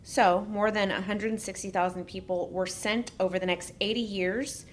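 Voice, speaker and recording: A woman's voice: medium pitch, steady tone, moderate pace, a little hiss or hum. A woman co-hosting a casual podcast, reading a prepared story with joking asides. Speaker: podcast co-host.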